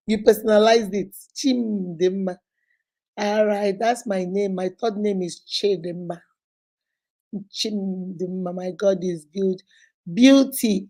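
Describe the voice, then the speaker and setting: A woman in her fifties hosts a relaxed live stream. Her voice is mellow and sits at an ordinary pitch. She chats casually, laughs often and greets her viewers one by one. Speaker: host.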